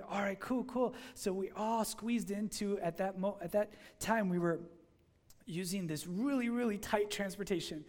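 Male pastor, high voice, animated conversational sermon, storytelling. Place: church in Miami.

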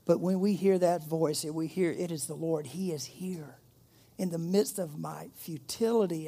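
Male pastor, middle-aged, sermon delivery, mellow dark tone, joking asides. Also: on the high side, normal speed, creaky. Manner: animated, playful asides and jokes.

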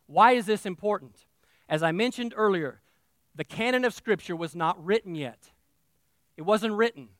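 A male pastor preaching a sermon, talking straight to his congregation and swinging from quiet asides to loud, emphatic declarations. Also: high voice, clean tone, no echo, clean studio sound. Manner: talks directly to the congregation.

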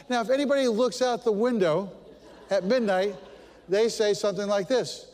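A middle-aged male pastor delivers a sermon with a higher voice than most men, telling stories with lively, self-mocking humor. His voice rings out with a long reverb, as in a large church sanctuary. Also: normal speed. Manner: storytelling, animated, self-deprecating humor.

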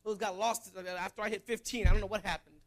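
A man preaching a sermon, mixing joking asides with loud exhortation. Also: high-pitched, fairly even intonation, quick pace.

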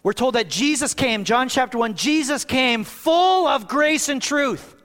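A man preaching a sermon as pastor, shifting from hushed passages to raised, emphatic ones. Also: very high-pitched, expressive, measured pace. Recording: long reverb of a hall.

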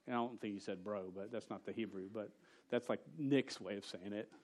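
A man preaching a casual sermon to a youth group. He tells a story with jokes and quick asides. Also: medium pitch, a little mellow. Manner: storytelling, joking, rapid asides.

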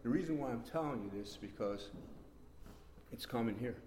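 A man giving a rambling, repetitive spoken testimony in a church meeting room, breaking into sudden excited bursts. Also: medium pitch, a little fast, a little hiss or hum. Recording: roomy echo.

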